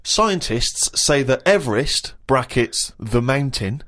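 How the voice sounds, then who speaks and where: A man's voice: medium pitch, animated, slow, fairly bright tone. A man hosting a radio chat show, reading out diary entries in a dry, mock-serious way and laughing often. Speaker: radio host.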